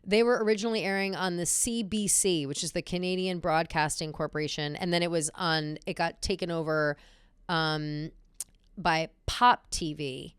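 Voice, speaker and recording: A woman's voice: on the low side, steady tone, normal speed, clear, resonant tone, no echo, clean studio sound. A woman co-hosting a podcast, chatting casually and swearing freely as she talks through a show. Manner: chatty, swears freely, looks things up mid-talk. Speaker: podcast co-host. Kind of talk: casual chat.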